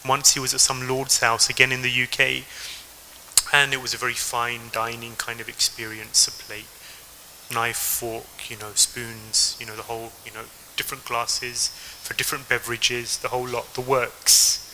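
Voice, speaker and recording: A man's voice: mid-range voice, little pitch movement, moderate pace, bright, forceful tone, slight background noise, rough recording. A man from England with an English accent, giving a devotional talk and telling stories to the audience. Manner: storytelling, addresses the audience directly. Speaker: temple speaker.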